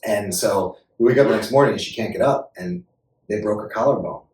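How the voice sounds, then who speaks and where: A man's voice: lowish voice, brisk, a little hiss or hum. American man telling a wild story. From United States. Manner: lively, laughing storyteller who acts out voices. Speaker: actor, podcast guest. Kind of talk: animated storytelling. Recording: roomy room, distant mic.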